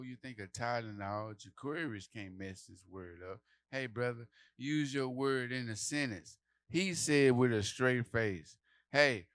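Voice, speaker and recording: A man performing a stand-up comedy set for a live audience, telling stories loudly and playing out the quotes. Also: medium pitch. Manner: loud, animated storytelling with acted quotes.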